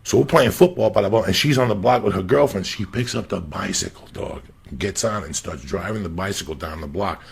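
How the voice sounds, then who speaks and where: A man's voice: low-pitched, fairly quick, hardly any pauses. A man telling crude stories in a casual chat, swearing constantly and acting out the voices of people he quotes. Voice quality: gravelly, husky. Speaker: comedian storyteller.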